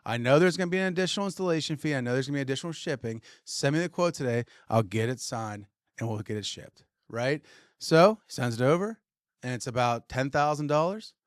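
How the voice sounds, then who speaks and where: A man's voice: mid-range voice, fast, no room sound, clean studio sound. A man co-hosting a podcast, telling a story in casual chat and acting out what people said to him. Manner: animated storyteller acting out quotes. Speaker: podcast co-host, retailer.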